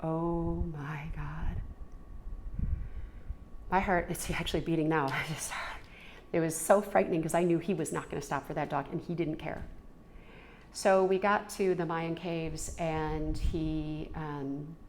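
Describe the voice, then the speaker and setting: A middle-aged woman telling an earnest, reflective personal story, halting now and then with restarts. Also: low voice, steady tone, a little mellow, slight background noise. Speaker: storyteller sharing a personal experience.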